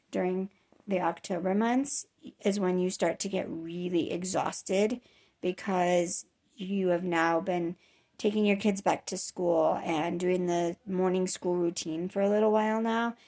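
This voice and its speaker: A woman's voice: fairly low pitch, gravelly, darkish tone. A woman in her thirties talking candidly in a casual personal vlog, rambling with many fillers and restarts, worn down by chronic nausea. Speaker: vlogger.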